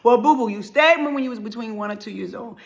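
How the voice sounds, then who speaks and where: Brief: woman playing a pleading older dad, repetitive, with a gravelly edge, a bit raised. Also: on the high side, fast, slight background noise, lightly acted. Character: insistent older father pleading his case.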